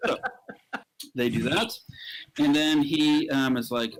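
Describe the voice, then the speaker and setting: Animated man telling an improvised comic story. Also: moderate pace, pauses often, slight background noise, low-quality recording. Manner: animated, pops into high squeaky character voices.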